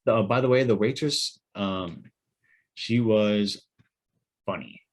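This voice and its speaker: A man co-hosting a podcast, telling a story in a rambling, animated way with many fillers. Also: lowish voice, slow. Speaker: podcast co-host. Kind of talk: casual storytelling.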